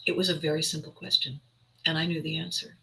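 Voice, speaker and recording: Woman, livestream host, very bright tone, casual reflective monologue, rambling, self-interrupting. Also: low-pitched, little pitch movement, fast talker, vocal fry, poor audio.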